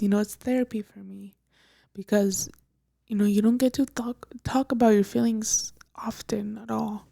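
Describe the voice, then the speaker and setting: A young woman hosting a podcast, telling a personal story in a halting, emotional way with many fillers and restarts, often soft and breathy. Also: medium pitch, fairly even intonation, no room sound, studio quality. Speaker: podcast host.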